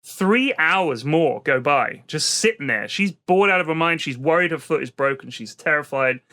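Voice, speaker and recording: A British man who is a parent co-hosts a comedy podcast, telling a long story with animated exasperation and some swearing. His voice is fairly high and his speed normal.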